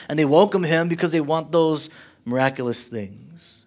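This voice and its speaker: A man preaching a sermon as pastor, rising in force on rhetorical questions and dropping low and soft when quoting. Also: brisk. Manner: impassioned preaching, swelling louder on questions and dropping low for quotes.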